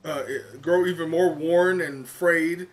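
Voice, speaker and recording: A man voicing a formal school official, reading haltingly with many fillers. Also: fairly high pitch, fairly even intonation.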